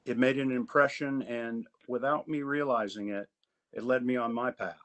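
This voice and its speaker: A man from Augusta, Georgia, chairing an advisory committee in a virtual meeting, giving earnest, measured prepared remarks. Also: medium pitch, fairly even intonation, fairly bright tone, poor audio.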